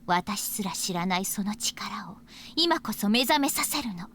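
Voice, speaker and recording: An actress voicing a cold, scheming young woman in a game, speaking calmly and aloofly, sometimes half-whispering. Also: mid-range voice, fairly quick, slight background noise, close to an everyday voice. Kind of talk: Japanese anime game voice acting.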